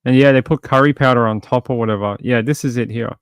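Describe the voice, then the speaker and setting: A man's voice: mid-range voice, fast, clean tone, no echo, clean studio sound. A male livestream host in casual late-night chat, reading viewer comments aloud and rambling with jokey asides. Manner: chatty and rambling, many fillers and restarts.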